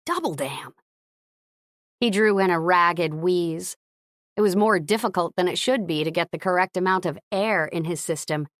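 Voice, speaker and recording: A woman narrating an audiobook in an expressive, lively reading. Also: fairly low pitch, normal speed, no room sound, studio quality.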